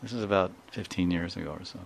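Low-voiced man giving a devotional talk. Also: steady tone, quick pace, gravelly, slight background noise. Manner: warm storytelling with repeated phrases and quoted dialogue. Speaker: spiritual teacher.

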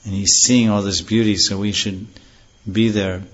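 A man giving a devotional scripture lecture, slowly chanting verses and then explaining them earnestly, on a dull lo-fi recording. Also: on the low side, fairly even intonation. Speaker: spiritual teacher.

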